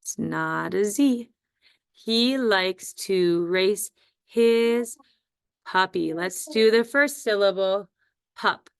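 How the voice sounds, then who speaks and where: Slow, clear-voiced woman teacher. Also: medium pitch, dry recording, studio quality. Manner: slow, deliberate, stretches out words and sounds. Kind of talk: phonics dictation lesson.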